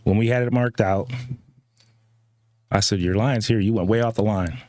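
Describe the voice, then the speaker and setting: A man on a casual bar-talk show who calmly keeps pressing his point during an argument. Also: on the low side, normal speed, no echo, clean studio sound. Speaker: co-host.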